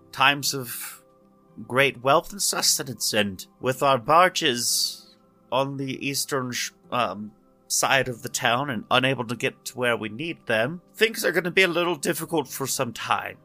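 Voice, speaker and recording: A nervous town leader, as a man puts him on, stands before a crowd and talks in a raised, bright voice. He stumbles and repeats himself but pushes on to rally them. Soft music plays underneath. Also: mid-range voice, voice pushed up. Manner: halting, anxious, repeats himself.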